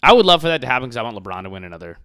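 A man's voice: medium pitch, racing, smooth, no room sound. A man hosting a podcast, ranting casually with crude jokes and mocking impressions. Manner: animated, profane, mocking impressions. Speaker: podcast host.

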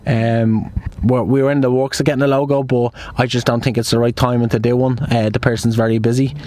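A man talks casually on a podcast recorded in a parked car. He rambles and restarts his sentences easily. His pitch sits squarely in the middle. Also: level tone, brisk, a little mellow, dry recording. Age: 20s. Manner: chatty and rambling, many restarts, retells a film scene with acted lines. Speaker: podcast host. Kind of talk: casual chat.

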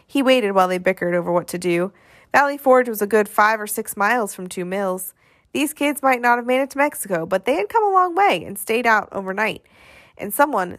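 A woman's voice: medium pitch, a bit bright, dry recording. A woman reading a children's novel aloud, her voice rising and falling with plenty of expression. The sound is close and completely dry, with no room in it at all. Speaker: reader.

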